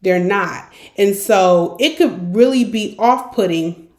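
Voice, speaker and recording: Hosting a podcast, a consultant coaches her listeners in a direct, supportive monologue and acts out examples. Her voice is medium in pitch, a little slow and slightly mellow, and the recording has a roomy echo.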